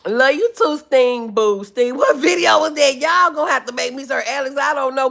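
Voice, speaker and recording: A woman hosts a casual livestream and talks straight to her viewers. Her fairly high voice swings widely up and down, and she laughs and lets out loud whoops as she reads the chat. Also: expressive, brisk, vocal fry, few pauses. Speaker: livestream host.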